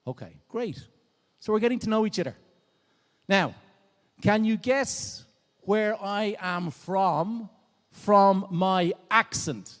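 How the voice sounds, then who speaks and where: Irish male keynote speaker, upbeat and interactive, higher voice, recorded in a long-reverb conference hall. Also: animated, slow, long pauses, a bit bright. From Dublin, Ireland. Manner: upbeat, drawing the crowd in with show-of-hands questions. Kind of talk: energetic interactive stage talk. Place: large conference hall on stage.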